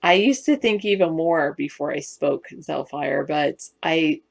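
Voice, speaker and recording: A woman from West Virginia with a Southern Californian accent chats casually on a live stream, answering viewer comments in a rambling, self-correcting way. Her voice is low and creaky, and she talks a little slowly.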